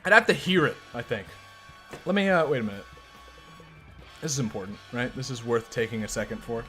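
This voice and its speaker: A man's voice: mid-range voice, animated, a little fast, bright, forceful tone, faint music behind. A man streaming live gameplay, commenting casually in a joking, profane, self-mocking way. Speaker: game streamer.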